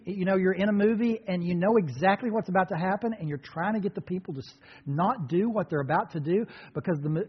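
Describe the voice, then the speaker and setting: A man preaching a sermon to a congregation, animated and conversational. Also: high voice, husky. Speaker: pastor. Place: church sanctuary. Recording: dull sound in a reverberant hall.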